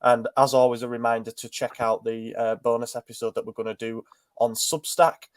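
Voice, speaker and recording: A man's voice: medium pitch, fairly even intonation, brisk, no echo. A man hosting a casual football podcast, congested and bunged up, upbeat with filler ums. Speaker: podcast host.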